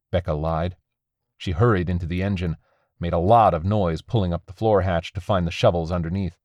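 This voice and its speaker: A man narrating a story in a measured, expressive audiobook style. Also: low voice, no echo, clean studio sound.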